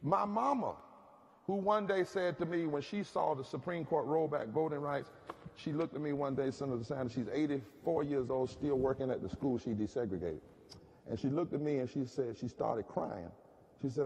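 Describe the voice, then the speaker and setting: A man's voice: mid-range voice, normal speed, darkish tone. Preaching man in a reverberant hall. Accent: Southern US. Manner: rhythmic, rising to emphatic preaching peaks. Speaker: pastor and activist panelist. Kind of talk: preacherly storytelling. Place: large chapel hall.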